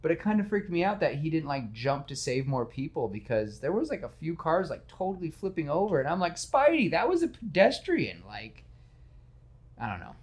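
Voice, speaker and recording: A man hosting a casual podcast, talking in an animated, self-deprecating way and slipping into quick character voices. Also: a little high. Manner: self-deprecating, admits nervousness. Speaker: podcast host. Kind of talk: casual podcast chat retelling a film.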